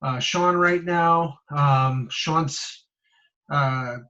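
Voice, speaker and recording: A man co-hosting a casual fantasy football podcast, hesitating and filling pauses with ums and uhs. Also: a little high, sharp tone, dull audio. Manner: hesitant, filler-heavy, trailing off. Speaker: podcast co-host.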